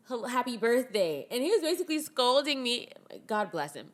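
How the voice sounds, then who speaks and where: A young woman co-hosting a podcast with her husband, telling animated stories in casual chat and laughing often. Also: fairly high pitch, normal speed. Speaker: podcast co-host.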